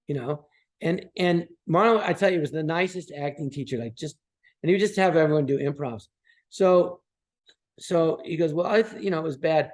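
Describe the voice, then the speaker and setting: A man's voice: on the high side, a little fast. A man in his sixties, a podcast guest, telling anecdotes casually and acting out the people he quotes. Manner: animated, acts out quoted voices.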